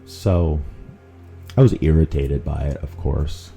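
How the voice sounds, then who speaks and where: A podcast host from Vancouver tells a personal story in a rambling, conversational way, full of fillers and restarts. His voice is very deep, creaky and warm, and he takes his time. Soft music plays in the background.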